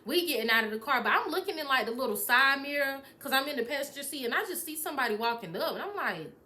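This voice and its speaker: Young woman vlogger, bright higher voice, lively storytime delivery that acts out quotes. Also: fast talker. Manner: animated, acts out quotes, swears freely. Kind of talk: casual storytime chat.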